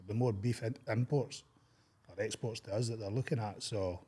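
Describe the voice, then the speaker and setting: A farmer speaks in a husky, slightly low voice. He sets out his views in a measured, matter-of-fact way during a casual podcast chat. The talk stays relaxed throughout. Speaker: farmer guest.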